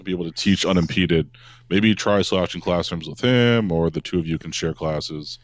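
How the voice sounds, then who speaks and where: A man with a very low voice runs a tabletop game and narrates what happens. He talks in a relaxed, hesitant way full of fillers. The recording is dry and close. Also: normal speed, no echo. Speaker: game master. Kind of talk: casual tabletop role-play narration.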